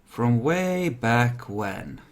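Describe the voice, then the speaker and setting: Laid-back game master, lively voice. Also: male voice, medium pitch, extremely slow. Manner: relaxed, muttering thoughts aloud while checking rules. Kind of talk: narrating a tabletop game on a stream.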